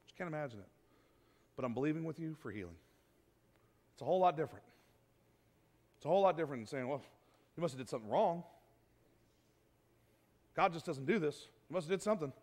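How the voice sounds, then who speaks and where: A man pastor giving a sermon in a church, conversational and animated, acting out what people say. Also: a little high, fast, long pauses. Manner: conversational, animated preaching with acted-out quotes.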